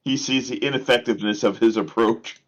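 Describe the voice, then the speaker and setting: A man's voice: medium pitch, steady tone, a little fast, muffled recording. A man playing a tabletop game, chatting casually and musing aloud over his rolls. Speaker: player.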